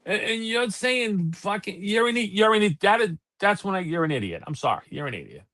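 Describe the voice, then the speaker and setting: A man's voice: sits high, very animated, brisk, fairly bright tone, no echo. A man hosting a live talk show, ranting in heated, profane casual chat. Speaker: podcast host.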